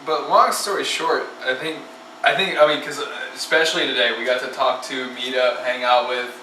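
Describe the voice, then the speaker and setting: A man's voice: medium pitch, fairly even intonation, moderate pace, bright, forceful tone. A young man in casual group chat on a vlog, rambling and restarting his sentences. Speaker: vlogger. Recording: roomy, far from mic, faint noise.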